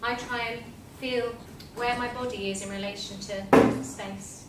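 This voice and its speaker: A woman co-presenting a school assembly, gentle and encouraging with a light teasing edge. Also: a little high, fairly even intonation, a little slow, noisy background. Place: school room. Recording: echoey room, mic at a distance.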